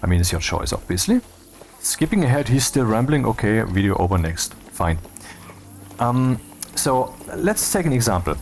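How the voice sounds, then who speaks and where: A man's voice: mid-range voice, big pitch swings, moderate pace, a little hiss or hum. A man talking casually over gameplay, rambling and cutting himself off, with wry asides. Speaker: video creator.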